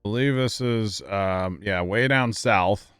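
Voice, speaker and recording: A man's voice: fairly low pitch, slow, fairly bright tone, clear, resonant tone, no echo, studio quality, soft background music. A man streaming a farming game live, chatting casually and easygoing with his chat and fellow players. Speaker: livestreamer.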